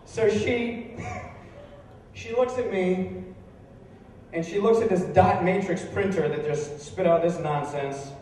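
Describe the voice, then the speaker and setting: A young man performing stand-up comedy, telling stories in a deadpan way that jumps into incredulous high outbursts. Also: slow, long pauses, slight background noise. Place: bar venue with a live audience. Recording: echoey room recorded from far off.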